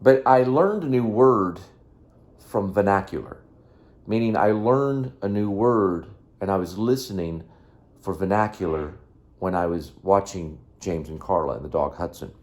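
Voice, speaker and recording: Filming selfie-style on a handheld phone in his apartment, a vlog host rambles casually, interrupting himself as he jumps between topics. His voice sits low and darkish, and he talks a little slowly.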